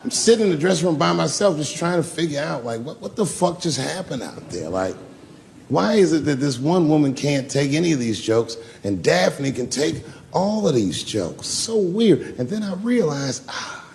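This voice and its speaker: A man doing stand-up comedy, telling a long story and acting out the voices with big swings in pitch. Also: big pitch swings, normal speed, creaky, a little mellow. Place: comedy club stage. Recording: live club with long reverb and faint ambience.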